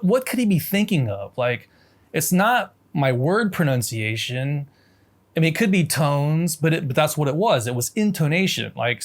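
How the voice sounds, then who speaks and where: A man with an American accent talks through a lesson in a loose, storytelling way, often restarting his sentences and leaning on fillers. His voice sits a little higher than most men's, and he sounds thoughtful rather than rehearsed. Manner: reflective, with frequent restarts and fillers. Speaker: language teacher.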